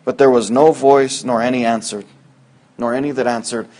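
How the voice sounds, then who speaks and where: A man preaching a sermon, moving between loud, high-pitched emphatic lines and low, quiet asides. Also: steady tone, moderate pace. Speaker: pastor.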